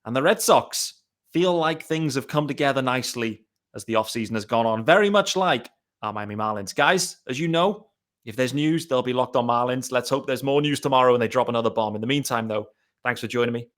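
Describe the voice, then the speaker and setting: A man's voice: medium pitch, fairly quick, fairly bright tone. A man from Britain hosting a podcast, friendly and chummy as he wraps up the show. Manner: friendly, chummy wrap-up talk. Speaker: podcast host. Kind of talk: casual chat.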